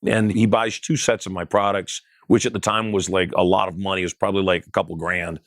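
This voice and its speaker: A middle-aged man, a guest on an interview show, telling his business story in an animated way and acting out the dialogue. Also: sits low, a little fast, no room sound, clean studio sound.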